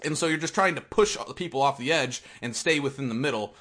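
Bright rambling guy telling game stories. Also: mid-range voice, lively intonation, a little fast. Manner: rambling, profane, laughs often, many restarts. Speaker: podcast co-host. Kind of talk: casual gaming chat.

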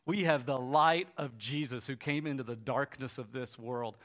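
A man preaching, retelling an anecdote with quoted dialogue and ending with a quiet, soft appeal. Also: medium pitch, moderate pace. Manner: retells a story with lively quoted voices, quiet and soft at the close. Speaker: pastor. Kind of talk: sermon storytelling.

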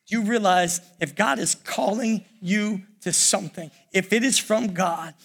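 An older man preaching a sermon in a church, pausing often and calling out "church". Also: high voice, vocal fry. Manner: preaching with many pauses, repeating "church". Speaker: pastor. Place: church sanctuary. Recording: worship music under the voice. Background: soft piano and keyboard.

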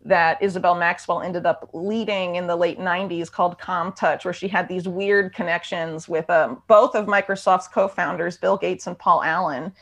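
A woman chatting on a podcast, talking quickly and loosely with lots of fillers, restarts and slang. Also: on the low side, fairly even intonation, fairly bright tone. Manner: rapid, loose talk with many fillers and restarts. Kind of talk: casual conversation.

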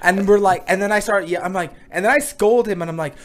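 High-voiced, excitable young man. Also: fast talker. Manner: excitable, laughing, joking. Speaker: podcast co-host, comedian. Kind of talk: casual storytelling banter.

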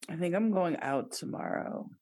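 A woman drops dry, deadpan one-liners in casual chat. Her voice is close and dry, with no room sound. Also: on the low side, moderate pace, no echo.

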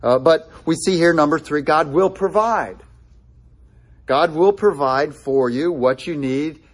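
A man's voice: fairly high pitch, measured pace. A man preaching a sermon in a conversational way, with frequent fillers and restarts, quoting scripture with feeling. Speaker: pastor.

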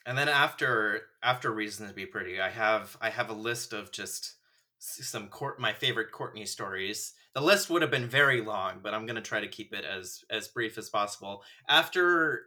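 A man's voice: on the low side, normal speed. A man chatting casually with a friend, telling stories with lots of laughter and acted-out quotes. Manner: animated storyteller, acts out quotes, laughs often. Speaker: friend and fellow actor. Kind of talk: casual chat, reminiscing.

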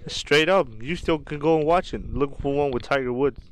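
A man's voice: on the high side, normal speed, rough recording. A man co-hosting a casual podcast, bantering playfully and swearing. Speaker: podcast co-host. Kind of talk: casual chat.

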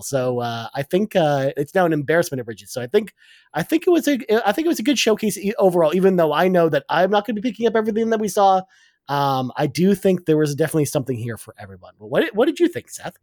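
A man's voice: a little high, sing-song, fast, no room sound, clean studio sound. A man co-hosting a casual live-stream chat, playful and sarcastic. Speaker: podcast co-host.

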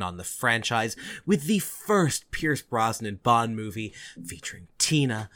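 A man co-hosting a casual podcast, playful and quick to laugh, swearing casually as he talks. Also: medium pitch, big pitch swings, a bit bright. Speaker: podcast co-host.

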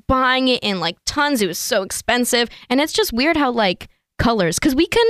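A woman in her twenties, a film student guest on a podcast, talking in quick, giggly casual chat. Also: a little high, very animated, fairly bright tone, no room sound, studio quality. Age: 20s. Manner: quick and giggly, many fillers.

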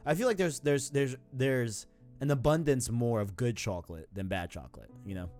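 A man's voice: medium pitch, normal speed, darkish tone, soft background music. A man in his twenties with a New York accent, hosting a podcast in a rambling, slangy, casual way. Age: 20s. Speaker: podcast host. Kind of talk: casual chat.

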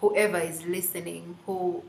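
A woman's voice: fairly low pitch, fairly even intonation, unhurried, creaky, echoey room, a little hiss or hum. A woman hosting a Christian podcast, talking reflectively with many fillers. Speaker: podcast host.

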